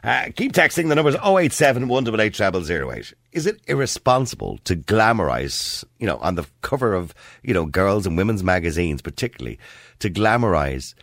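A middle-aged Irish man hosts a casual phone-in radio show with a deep, animated voice that climbs and dips all over the place. He talks quickly and laughs easily. His studio mic sounds close and dry. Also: creaky, no echo.

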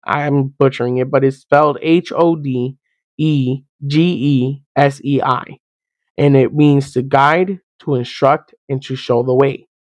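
A man's voice: medium pitch, steady tone, a little slow, no room sound, lo-fi sound. A man giving an earnest, conversational sermon, teaching in plain words and repeating his points for emphasis. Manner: earnest, plain-spoken preaching with repetition. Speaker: Christian podcast host and teacher.

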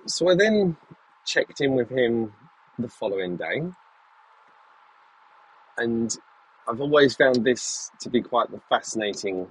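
A man's voice: medium pitch, a bit bright, breathy edge, poor audio. A man vlogging in a casual, reflective way, with frequent ums and restarts as he thinks aloud. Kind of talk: casual talking-to-camera vlog.

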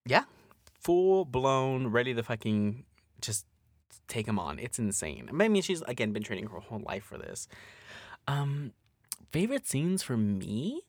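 A man co-hosting a podcast in casual chat, animated and profane, acting out quotes. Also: mid-range voice, measured pace, dry recording, studio quality. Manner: animated, swears a lot, acts out quotes. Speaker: podcast co-host.

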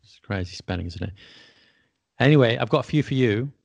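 A man's voice: medium pitch, animated, brisk, gravelly, a little mellow, dry recording, muffled recording. A man who teaches English, chatting casually and laughing at his own mistakes. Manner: chatty, self-deprecating, laughs often. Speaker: podcast host and English teacher. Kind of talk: casual conversation.

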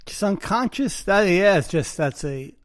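A man's voice: high-pitched, expressive, a little slow. A man co-hosting a podcast who chimes in with short, supportive remarks in casual chat. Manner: brief supportive interjections. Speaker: podcast co-host.

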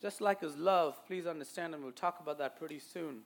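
A man with an Indian accent preaching a sermon to a church, moving between quiet asides and loud, emphatic declarations. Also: a little high, brisk, creaky. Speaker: pastor.

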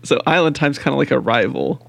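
Dry gravelly man, wry co-host. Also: mid-range voice, animated, fairly quick, fairly bright tone, dry recording. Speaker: podcast co-host. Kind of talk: casual chat.

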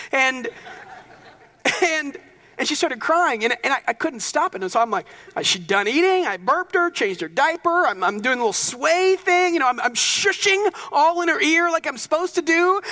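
A man's voice: very high-pitched, sharp tone. Conversational young male pastor in reverb. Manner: conversational, joking asides. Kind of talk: sermon.

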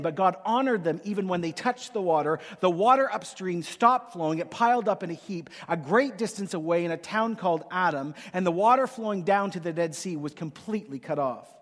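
A man's voice: high-pitched, in a large hall. A male pastor preaching with emphatic repetition and playful acted asides in a sermon.

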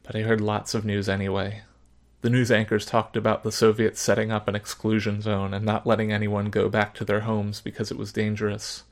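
A man narrating a story in the first person, measured, subdued and reflective. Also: on the low side, completely flat delivery.

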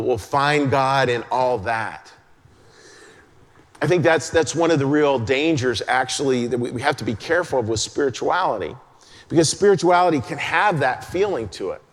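A man preaching a sermon as a pastor, chatty and conversational, dropping into a soft hush to stress a point. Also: mid-range voice. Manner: conversational, drops to a hush for emphasis. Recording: long hall reverb.

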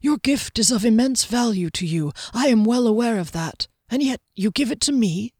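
A woman's voice: fairly high pitch, animated, normal speed, a little mellow, husky, dry recording, clean studio sound, pitched above the performer's own voice. A woman voicing a formal, earnest male swordsman. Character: reserved male swordsman, secretive and gracious.

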